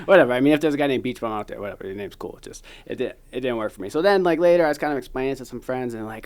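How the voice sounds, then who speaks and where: A man's voice: medium pitch, animated, rapid-fire, few pauses, a little mellow. A man in his thirties with a Boston accent, a guest thru-hiker telling stories in a rambling, laid-back way full of fillers. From Lynn, Massachusetts, north of Boston. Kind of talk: casual interview chat.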